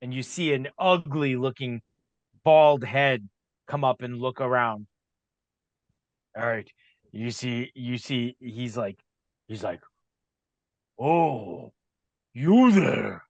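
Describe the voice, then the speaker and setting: A man narrating as game master in a tabletop game, unhurried and often restarting his sentences. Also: medium pitch, fairly even intonation, no room sound, lo-fi sound.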